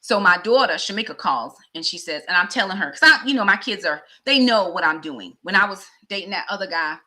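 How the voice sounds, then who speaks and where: A middle-aged woman vlogger telling a personal story in a chatty, animated way. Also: mid-range voice, brisk. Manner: chatty, animated, acts out dialogue.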